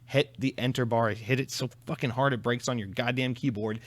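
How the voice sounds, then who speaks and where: Rambling, profane young podcast host. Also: male voice, medium pitch, steady tone, fairly quick, no echo. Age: 20s. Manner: rambling, profane, self-deprecating. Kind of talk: casual solo podcast chat.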